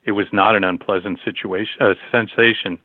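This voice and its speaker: A man narrating a story in a steady, measured reading over a tinny phone-like line. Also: fairly low pitch, slightly rough, dry recording.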